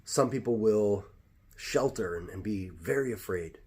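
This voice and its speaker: A man's voice: on the low side, unhurried, warm tone, breathy edge. An American man, a jiu-jitsu instructor, talking through life advice in a reflective, conversational way with frequent restarts. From United States. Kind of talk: casual advice talk.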